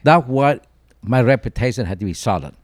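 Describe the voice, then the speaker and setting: A man, a guest chef whose first language is not English, talking in a casual podcast chat, blunt and profane, telling stories with lively broken English. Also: mid-range voice, fairly quick, no echo, clean studio sound. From Canada-based chef.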